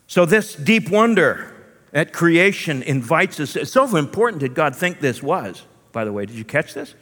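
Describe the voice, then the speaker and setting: A male pastor preaching a sermon with animated storytelling and rhetorical asides, in a church hall. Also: a little high, moderate pace. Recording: long hall reverb.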